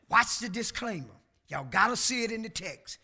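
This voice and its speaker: A man preaching a sermon who shouts his key words and banters with the congregation in folksy asides. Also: extremely high pitch.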